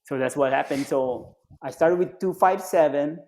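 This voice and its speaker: Animated man telling war stories. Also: moderate pace. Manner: animated, acts out quoted voices with jumps in pitch; loose phrasing with frequent restarts and fillers. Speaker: podcast guest, retired Navy SEAL and triathlete. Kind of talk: casual storytelling in conversation.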